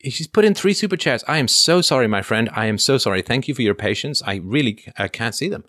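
In a lively, quick-paced voice of medium pitch and fairly bright tone, a middle-aged Canadian chats through a casual livestream. He reads super chats and comments aloud and answers viewer questions conversationally, with frequent ums and uhs. The audio is studio quality, without echo.

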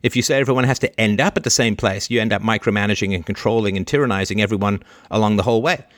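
A man's voice: very fast, no echo. Emphatic lecturing man, dry sound. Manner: emphatic and lecturing, repeats his punchlines; sarcastic asides, big swings between loud and low. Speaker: livestream host answering listener questions. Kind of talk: opinionated call-in monologue.

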